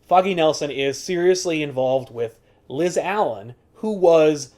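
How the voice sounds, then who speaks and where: A man casually recapping a comic book plot on a podcast, animated and sweary, full of filler words. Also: on the high side, a little slow. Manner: animated storyteller, swears freely, many filler "likes". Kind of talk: casual chat.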